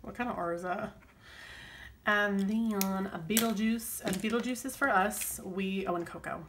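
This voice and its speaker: A woman's voice: medium pitch, normal speed, fairly bright tone, a little hiss or hum. A woman chatting casually and rambling while she works on her planner, full of fillers and self-deprecating asides. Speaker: planner vlogger.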